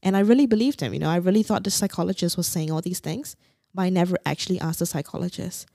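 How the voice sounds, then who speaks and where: Low gravelly woman from Singapore. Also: fast talker, no echo, studio quality. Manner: candid, quietly recounting painful memories. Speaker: guest. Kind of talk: personal story in a podcast interview.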